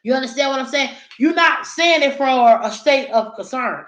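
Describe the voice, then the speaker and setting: Woman, blunt, opinionated, casual chat, fairly high voice, roomy echo. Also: normal speed, a bit bright. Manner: blunt, opinionated, swears freely. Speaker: vlogger. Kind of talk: casual talk while eating, reading chat.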